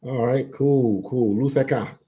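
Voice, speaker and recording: A man's voice: on the low side, normal speed, dark tone. A man hosting a casual live stream, reading chat aloud and bantering, repeating words and phrases as he goes. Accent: Philadelphia.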